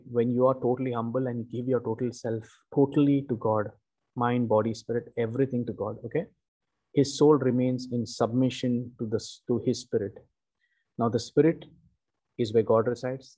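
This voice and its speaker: A man preaching a sermon, teaching slowly and emphatically with frequent "okay" and "you know". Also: mid-range voice, dark tone, breathy edge.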